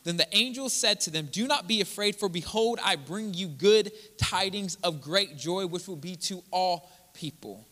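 Pastor, male, bright forceful sermon voice, reverberant sanctuary. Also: high-pitched, lively intonation, normal speed, few pauses. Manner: earnest, building to emphatic preaching. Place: church sanctuary. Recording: church hall with long reverb.

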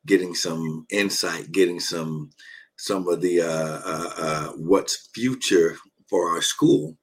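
A man's voice: sits low, slow, husky, rough recording. A man pastor preaching over a live stream from a shared hotel room, emphatic and repeating his phrases, calling out to his listeners. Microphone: phone or laptop on a video call.

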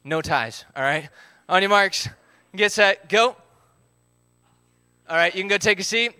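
A man's voice: high voice, expressive, measured pace, pushed and bright, smooth, no room sound, clean studio sound. A man, leading a live group game, upbeat as he calls out counts and instructions.

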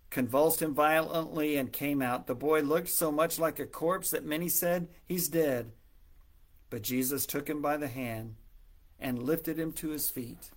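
A man giving a devotional Bible reading and reflection, earnest and gently pleading, acting out the dialogue and dropping soft and low for the prayers. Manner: reads scripture aloud, acting out the dialogue. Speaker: preacher.

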